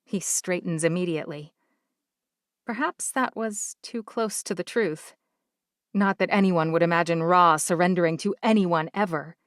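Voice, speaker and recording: A woman narrating a first-person audiobook with a measured, even delivery. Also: lowish voice, no room sound, clean studio sound.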